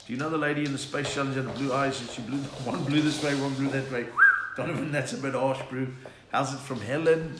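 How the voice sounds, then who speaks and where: A South African man doing stand-up chat on a live stream, reading viewer messages and telling stories, often slipping into put-on voices. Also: medium pitch. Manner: chatty storytelling, slips into put-on accents and voices. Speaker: comedian reading viewer comments. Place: room at home. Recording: echoey room, faint background noise.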